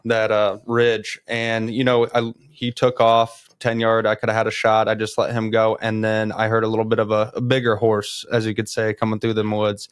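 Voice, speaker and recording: Flat, smooth-voiced man telling a hunting story. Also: on the low side, moderate pace, few pauses, no echo, clean studio sound. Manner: plain, even storytelling with hesitant fillers. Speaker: podcast guest. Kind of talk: casual storytelling.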